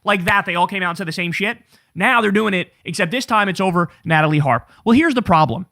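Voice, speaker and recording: A man's voice: sits high, quick pace, pushed and bright, dry recording, studio quality. Sarcastic, profane male political host. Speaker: political commentary show host. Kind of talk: online political commentary.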